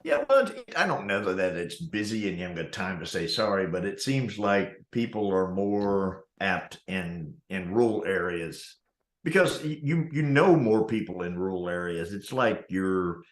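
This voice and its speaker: Animated deep-voiced man, echoey call. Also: normal speed. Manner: animated storyteller, laughs often, swears casually. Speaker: co-host calling in. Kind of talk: casual live-stream chat. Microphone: internet call.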